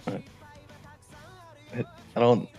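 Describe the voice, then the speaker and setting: A man running a tabletop game as game master over a voice call, playful and quick with jokes and asides. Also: warm tone, muffled recording, soft background music.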